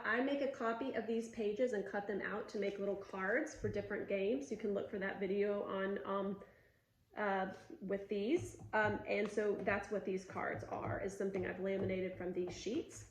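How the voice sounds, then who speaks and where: A woman speech teacher giving patient, step-by-step coaching, stretching out sounds slowly to demonstrate them and following with brief praise. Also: medium pitch, level tone, slight background noise. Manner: gives short coaching cues and praise. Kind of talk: instructional demonstration. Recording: roomy echo.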